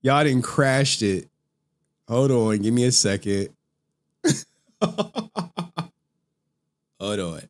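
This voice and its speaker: A young man streaming live, chatting casually with slang and cursing, breaking into laughter often. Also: medium pitch. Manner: laughs often, slangy and profane, slow drawl.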